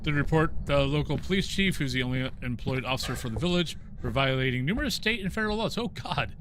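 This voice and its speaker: A man's voice: mid-range voice, lively intonation, fast talker, a bit bright, a little hiss or hum. A middle-aged man chatting casually with his stream viewers while gaming, rambling from one story to the next. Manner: rambling, talks to chat and to the game's ghost.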